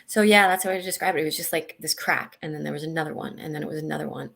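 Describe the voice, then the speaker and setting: A woman with a low voice and a gravelly edge speaks over a video call. She tells her story haltingly, restarting her sentences often, and turns animated when she relives key moments. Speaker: guest, senior leader. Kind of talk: candid personal interview.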